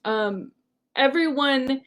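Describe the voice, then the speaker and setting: A woman's voice: high-pitched, slow. A young adult woman coach teaching a workshop lesson in a casual, chatty storytelling way, full of "like" and "um". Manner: chatty, frequent "like" and "um". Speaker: personality coach leading a workshop.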